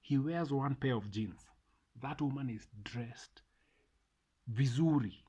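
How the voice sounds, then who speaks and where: A man's voice: mid-range voice, slow, warm tone, husky, lo-fi sound. A middle-aged man with a Kenyan accent, delivering an emphatic, repetitive opinion monologue to camera as a vlogger. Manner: ranting, emphatic, repeats phrases.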